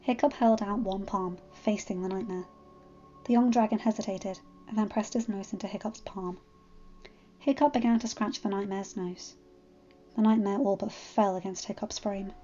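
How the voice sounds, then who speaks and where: A woman narrating a fan fiction story as a storybook reading, with expressive delivery. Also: medium pitch, moderate pace. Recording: slightly muffled, faint background music.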